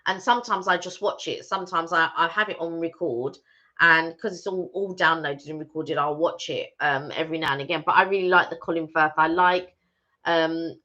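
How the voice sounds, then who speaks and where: A woman chats away as co-host of a live stream. She rambles, restarts and fills with ums, in a bright, forceful, slightly low voice. The audio is dull and lo-fi. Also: steady tone, a little fast. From Britain. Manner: chatty, rambling, lots of restarts and fillers. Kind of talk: casual chat.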